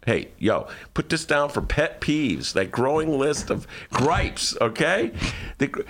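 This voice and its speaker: A man's voice: a little high, slow pace, slight background noise. A man hosting a casual talk radio show from a studio, rambling and joking about his week. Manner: rambling, animated, jokey. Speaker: radio show host and columnist.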